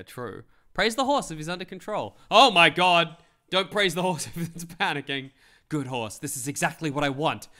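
A young man streaming, joking and swearing as he reads web articles aloud. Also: fairly high pitch. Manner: joking, animated, swears freely. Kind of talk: casual commentary reading web articles.

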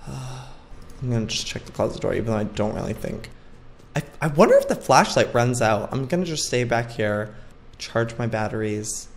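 A man's voice: mid-range voice, animated, moderate pace, slight background noise. A man hosting a let's play of a horror game, jumpy and frightened, talking to himself and yelping. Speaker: gaming channel host.

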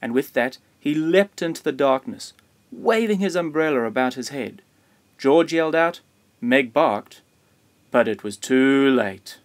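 A man of ordinary, mid-range pitch reads a children's picture book aloud. His storytelling is gentle and measured, moving steadily through the narration. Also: lively intonation. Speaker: storybook reader.

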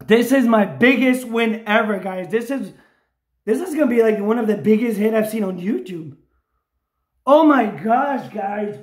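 A man filming himself scratching lottery tickets, bursting into loud repeated exclamations and catchphrases. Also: sits high, normal speed. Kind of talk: live reaction while scratching tickets. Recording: roomy echo.

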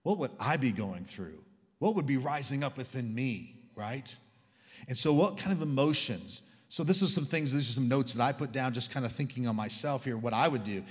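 A man preaching a sermon in a church, talking in an animated, conversational and humorous way with sarcastic asides. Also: medium pitch, normal speed, long reverb tail. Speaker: guest preacher. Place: large church hall.

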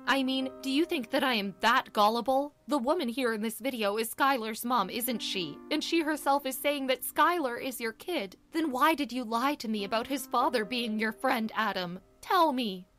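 A hurt young wife fires accusing questions in a loud, raised voice, played by a woman narrator. She sounds close to sobbing and keeps pushing hard. It is an audiobook character voice. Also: fairly high pitch, normal speed, few pauses, soft background music, pitched above the performer's own voice, close to an everyday voice. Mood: angry accusing.

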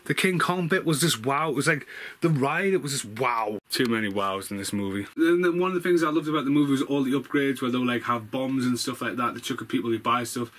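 A man giving an excitable, sweary movie review at home in a room full of film collectibles, saying wow again and again. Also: mid-range voice, fairly quick. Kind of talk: casual excited vlog review.

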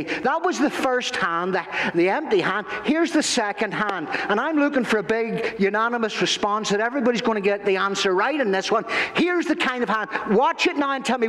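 A male pastor giving a children's sermon, telling stories in an animated, playful way in a church. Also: high-pitched. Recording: echoey church hall.

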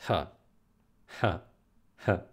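A man who talks to his channel in a halting, casual way, repeating himself as he speaks about his work on a game. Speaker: game modding developer. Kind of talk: casual emotional vlog recording.

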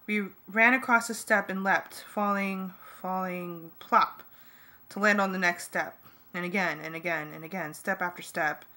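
A woman reading a fan audiobook in the first person, lively and jokey. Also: lowish voice. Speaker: audiobook reader.

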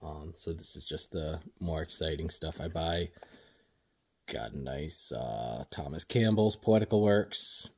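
Low-voiced guy showing off his new books, laid back, lots of ums. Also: husky. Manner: relaxed, unhurried, many ums. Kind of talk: casual video chat.

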